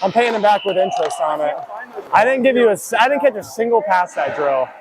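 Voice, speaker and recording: A man's voice: high-pitched, expressive, fairly quick. Breathless young man skating with a body mic. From Ohio, US. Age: young adult. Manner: rambling, self-mocking, chatty. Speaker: college hockey player. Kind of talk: casual mic'd-up practice commentary. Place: indoor ice rink. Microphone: wireless body mic worn while skating. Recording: noisy rink ambience.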